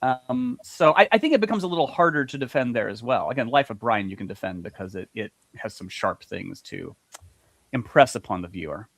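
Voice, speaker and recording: A man's voice: mid-range voice, animated, fairly quick, vocal fry, no room sound. A man co-hosting a casual comics panel chat, stumbling through many restarts and repeated words. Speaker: podcast co-host.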